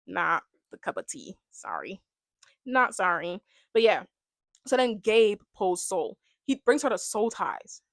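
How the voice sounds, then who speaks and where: A woman's voice: fairly high pitch, dry recording, clean studio sound. A young woman giving a casual, rambling recap of a reality show, filling her talk with "like" and "you know.". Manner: chatty, rambling, heavy use of "like". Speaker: reality TV reaction vlogger.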